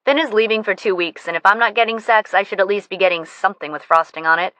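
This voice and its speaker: A brash, teasing young woman in an audiobook scene, as a female narrator voices her. She talks bluntly at a middling pitch, recorded dry and close. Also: quick pace, fairly bright tone, no echo, natural voice.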